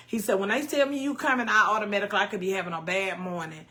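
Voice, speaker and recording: A woman's voice: medium pitch, fast, few pauses, bright, forceful tone. A woman in her early fifties chatting candidly with her viewers, telling a personal story in loose, emotional vernacular. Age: 50s. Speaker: cooking vlogger. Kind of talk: casual chat to viewers.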